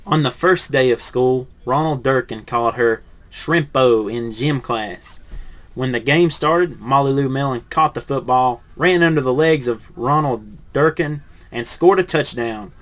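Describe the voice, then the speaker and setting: A man, a teacher in training, reads a picture book aloud with lively rises on the punchlines, then reviews it softly and hesitantly. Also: medium pitch, a little slow. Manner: lively storybook reading, rising on punchlines, then soft and hesitant when reviewing.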